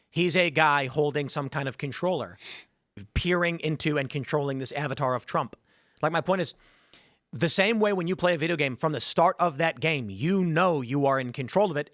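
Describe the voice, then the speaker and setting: A man's voice: fairly high pitch, fairly bright tone, no echo, studio quality. A man hosting a podcast, arguing his point in a casual, combative back-and-forth and often cutting in. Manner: argumentative, interrupts. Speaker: show host.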